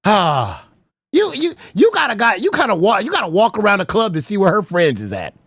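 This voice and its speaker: An animated man hosting a casual livestream, his voice bright and lively, bouncing all over as he laughs and trips over his own words. The sound is close and dry, with no room around it. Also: high voice, a little fast, slightly rough, dry recording. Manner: animated, laughs often, stammers and repeats words. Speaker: livestream commentary host.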